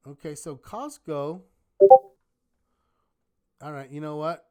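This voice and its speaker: A man teaching a live online trading class in a lively manner, often asking rhetorical questions. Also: on the high side, slow pace, soft background music. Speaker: trading instructor.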